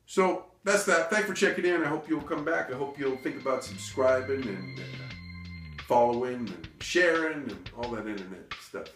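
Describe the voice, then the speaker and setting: A comedian rambling through a comic story with self-interruptions and deadpan asides. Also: male voice, medium pitch, moderate pace, soft background music. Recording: echoey room, distant mic.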